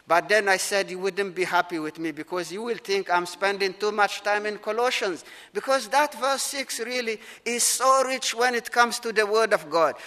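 Middle-aged male pastor, high, bright preaching voice, earnest and emphatic, in a reverberant church. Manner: earnest, emphatic preaching with slowed stresses and repeated phrases. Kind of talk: sermon. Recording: long reverb of a large hall.

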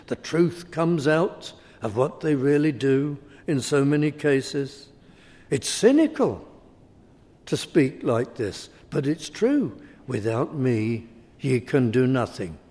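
A man's voice: mid-range voice, darkish tone. A man preaching a sermon, speaking emphatically and returning again and again to a repeated refrain. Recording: reverberant hall.

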